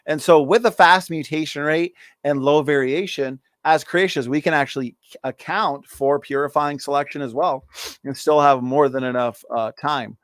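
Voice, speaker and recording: A man's voice: on the high side, moderate pace, a bit bright, no room sound, studio quality. A man co-hosting a live stream over a video call, methodically walking through data point by point. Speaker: co-host. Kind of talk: live-stream apologetics talk.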